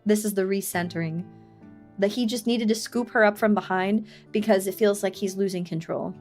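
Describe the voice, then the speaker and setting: A woman streamer reading a story game aloud and chatting, telling stories in an animated, expressive way. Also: mid-range voice, normal speed, soft background music.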